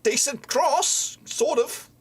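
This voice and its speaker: A man reacting live to his team's match as a fan streamer, excitable, swearing often and yelling at the players. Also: extremely high pitch, takes it slowly, noisy background.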